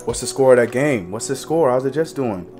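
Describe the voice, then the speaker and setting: A man's voice: mid-range voice, lively intonation, brisk, music in the background. A young man livestreaming, casually greeting chat viewers by name and repeating his phrases, in a home streaming setup.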